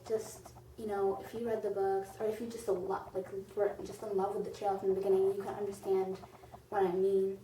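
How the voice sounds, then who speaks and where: A woman's voice: mid-range voice, level tone, a little fast, mellow, distant mic. A woman reviewing a movie in a casual vlog, gushing and rambling with lots of "like". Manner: gushing, rambling, heavy use of "like". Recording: roomy echo, off-mic, faint noise.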